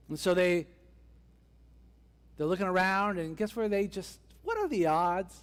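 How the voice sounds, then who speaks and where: A man's voice: high voice, moderate pace. A man preaching a conversational sermon as a pastor, acting out the characters' voices as he tells the story. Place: church sanctuary. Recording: long church hall reverb.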